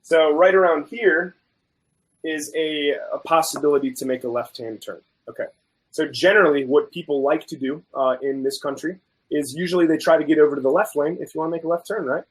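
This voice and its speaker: A man guest on a chat show, telling a story in a casual, animated way and acting out the quoted people. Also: on the high side, brisk, husky, rough recording. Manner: animated, acts out both sides of quoted dialogue. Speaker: guest food reviewer.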